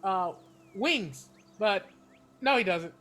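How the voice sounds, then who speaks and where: Male player, high bright voice, rambling describer. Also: animated, takes it slowly. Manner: rambling, full of fillers and self-corrections. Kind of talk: describing a character in a tabletop game.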